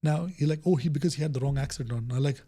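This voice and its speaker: Man, middle-aged, husky tone, mellow and dark, interview guest, lively storytelling. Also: mid-range voice, racing. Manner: animated storyteller who acts out quoted dialogue. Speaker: guest, innovation director.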